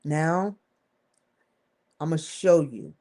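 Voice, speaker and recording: Woman, vlogger, casual monologue, slow, rambling, candid, swears freely, drawn-out emphasis. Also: sits low, mellow.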